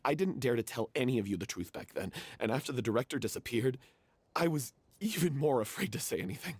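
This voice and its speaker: A man's voice: mid-range voice, expressive, fast talker, slightly rough, no room sound. An actor voicing a remorseful male troupe member who confesses his mistake and blames himself. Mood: grave. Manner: confessional, self-reproaching. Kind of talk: game voice acting.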